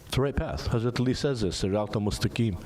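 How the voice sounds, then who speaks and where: A man in his thirties giving an emotional religious sermon, moving from casual asides to the audience into high, pleading retold prayers. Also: fast, a little mellow. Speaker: majlis speaker.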